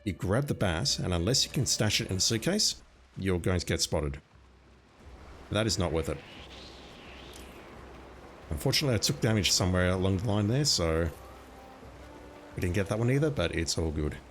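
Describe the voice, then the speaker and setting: A man's voice: low voice, lively intonation, normal speed, long pauses, fairly bright tone, a little hiss or hum. A man with an Australian accent chatting casually with his viewers while playing a game, self-deprecating and talkative. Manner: chatty, self-deprecating, talks to chat by name. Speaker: streamer. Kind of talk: casual gameplay commentary.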